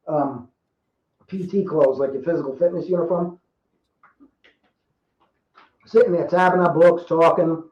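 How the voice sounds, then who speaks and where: A man in his fifties from Rhode Island tells stories in a loose, rambling way, often circling back and restarting his sentences. His voice sits a bit high for a man. The recording is roomy and somewhat dull. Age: 50s. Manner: rambling, chatty, repeats and restarts. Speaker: podcast guest. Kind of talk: casual storytelling.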